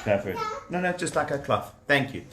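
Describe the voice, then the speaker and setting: A man telling a story to children, lively and animated, talking straight to the kids and showing them toy props. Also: medium pitch, normal speed, echoey room, a crowd in the background.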